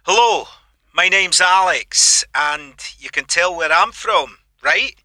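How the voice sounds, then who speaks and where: A man's voice: high-pitched, expressive, slow, bright, forceful tone, no room sound. A man with a Scottish accent calling in to a radio show, outspoken and opinionated. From Scotland. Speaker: caller.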